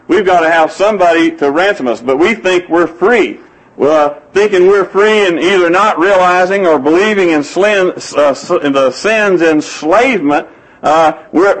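A man's voice: a little high, low-quality recording. A man preaching a sermon, telling folksy stories and quoting scripture. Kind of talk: sermon with anecdotes.

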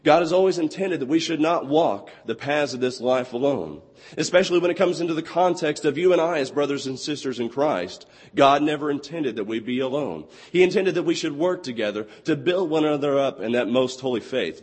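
A man in his twenties preaching a sermon with a hoarse, husky voice he has partly lost, reading scripture slowly and deliberately. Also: mid-range voice, darkish tone. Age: 20s. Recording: long hall reverb.

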